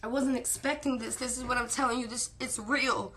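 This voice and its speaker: A woman vlogger speaking to her viewers, talkative and emotional, repeating herself for emphasis, loud at times and soft and tired at others. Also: fairly high pitch, fairly even intonation, fairly quick. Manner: swings between loud insistence and soft tired murmurs. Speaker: spirit-communication vlogger. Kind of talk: emotional personal storytelling to camera.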